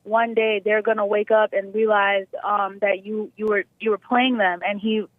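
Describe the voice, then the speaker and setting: A woman's voice: medium pitch, little pitch movement, normal speed, no echo. A young adult woman calling a radio show, emotional and close to tears, rambling with many fillers. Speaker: caller. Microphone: telephone. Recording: tinny phone line.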